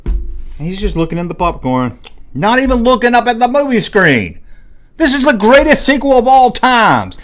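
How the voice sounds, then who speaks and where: A man hosting his own video, telling a story casually and acting out scenes with sound effects. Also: high voice. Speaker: vlog host.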